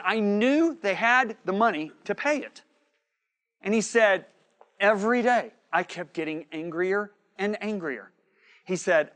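A man preaching a sermon, telling a story with quoted dialogue and swinging from shouting to hushed asides. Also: fairly high pitch.

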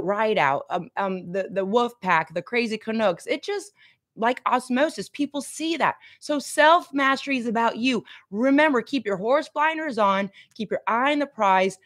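A woman's voice: medium pitch, fairly bright tone. A middle-aged woman giving a motivational coaching talk on a livestream, emphatic and repeating key lines for effect. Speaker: fitness and life coach.

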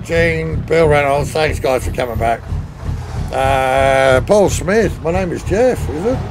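Gravelly Australian man streaming chat. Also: a little high, takes it slowly, music in the background. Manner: chatty, easily flustered, swears freely. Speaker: truck sim live streamer. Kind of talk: casual live-stream chat greeting viewers. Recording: steady background noise.

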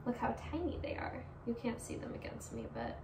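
A woman's voice: on the high side, wildly swooping pitch, fairly quick, noisy background. A young woman hosting a casual try-on vlog, talking in a bubbly, playful Valley Girl way. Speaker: vlogger. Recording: echoey room, mic at a distance.

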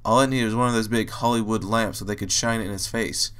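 A man's voice: on the low side, steady tone, fast talker, a bit bright, clear, resonant tone. Man reading a story aloud. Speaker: audiobook reader. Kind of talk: fan fiction read aloud.

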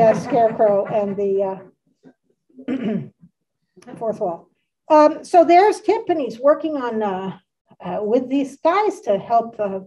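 A woman's voice: a little high, warm tone, recorded from a distance, low-quality recording. A woman giving a casual art history lecture, full of wry asides and frequent fillers. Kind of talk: casual presentation and read-aloud.

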